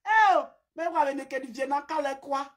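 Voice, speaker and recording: A young Nigerian woman rattles off lively gossip in a high, bright voice. She laughs often, bursts into shouts and puts on other people's voices as she tells the story. Her delivery is loose and excitable from start to finish. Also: fast talker. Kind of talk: animated gossip monologue in Pidgin.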